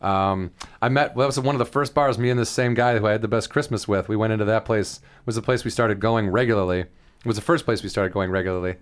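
A man's voice: lowish voice, steady tone, fast talker, clear, resonant tone. A man co-hosting a podcast, telling rambling stories in casual chat and often repeating words. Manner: rambling storyteller, repeats words while talking. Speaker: podcast co-host.

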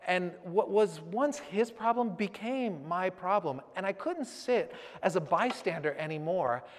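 A man in his thirties tells a story to a church crowd in a fairly high voice. He acts out the scene vividly and turns earnest as he reflects on it. Long reverb from the big hall trails every phrase. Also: lively intonation, a little slow. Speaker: speaker addressing a church audience. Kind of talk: personal story told from a stage.

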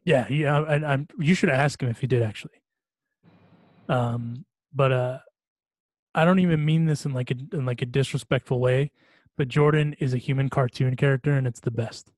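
A man hosting a podcast in relaxed chat, his voice sitting at an ordinary middle pitch. He rambles and restarts his sentences, laughing at his own stories. The sound is dry and close. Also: normal speed, no echo. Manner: rambling, laughing often, many restarts and fillers. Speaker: podcast host. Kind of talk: casual chat.

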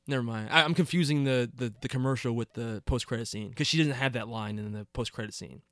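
A young man co-hosting a casual podcast chat, opinionated and animated, swearing and laughing often. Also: mid-range voice, fast talker, dry recording, studio quality. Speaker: podcast co-host. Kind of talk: casual chat about superhero movies.

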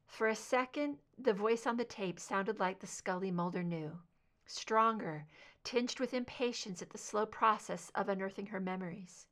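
A woman narrating a fan fiction audiobook in a steady, even storytelling manner. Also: mid-range voice, moderate pace. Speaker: audiobook reader.

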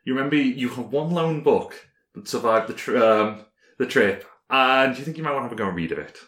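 A man narrating as game master in a halting way, with many pauses and ums. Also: medium pitch, expressive, fairly bright tone, echoey room.

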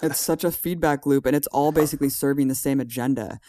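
Podcast guest: man, animated storyteller, mid-range voice, casual chat. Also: medium pitch, fast. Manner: animated storytelling, rising to exasperated emphasis.

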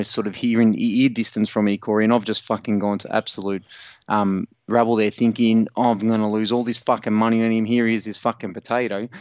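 A man's voice: mid-range voice, no echo, muffled recording. A man co-hosting a casual sports podcast, rambling through a story and swearing a lot. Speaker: podcast co-host.

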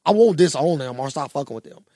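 A young man co-hosting a podcast, telling a story in a casual, animated way and swearing freely. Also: on the high side, fast talker, dry recording. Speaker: podcast co-host. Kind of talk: casual chat.

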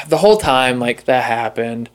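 Young guy rambling thru a story, tons of filler and swearing, pops up high when he quotes people. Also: lively intonation, a little slow. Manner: acts out quoted voices with big jumps in pitch. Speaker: podcast guest. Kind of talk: casual chat.

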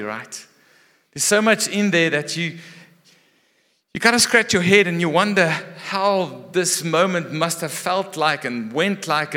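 A man preaching in a large hall with a long, ringing echo. His voice is bright and forceful and sits a little high for a man. He swings from raised, animated lines down to hushed, quiet ones. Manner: animated, dramatic shifts between loud and hushed. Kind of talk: sermon. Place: church hall.

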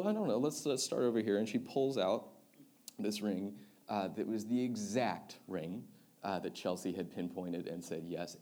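Young male youth pastor, sermon storytelling; lively, animated delivery, loud in the funny parts, hushed in the serious ones. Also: low-pitched. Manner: animated storyteller, swings loud and excited then quiet and earnest.

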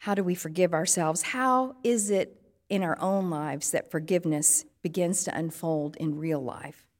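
A woman pastor giving a sermon, measured and reflective, posing strings of rhetorical questions. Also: fairly low pitch, long reverb tail.

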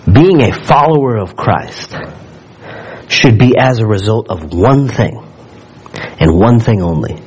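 Husky low-voiced man preaching a sermon. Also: a little slow, long pauses, rough recording. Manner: animated storytelling with frequent asides and questions to the congregation; repeats words when building up. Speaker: pastor.

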